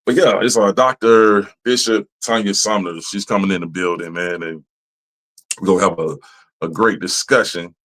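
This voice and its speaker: Man, podcast host, fairly low voice, casual profane rant, laughs a lot, pitch spikes when worked up. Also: moderate pace. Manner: animated, profane, laughs often, voice jumps up when ranting. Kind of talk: casual monologue.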